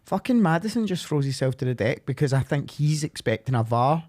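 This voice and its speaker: A man's voice: fairly high pitch, expressive, a little fast, a little mellow. A man co-hosting a football podcast, blunt and sweary, laughing a lot. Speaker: podcast co-host. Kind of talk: casual football chat.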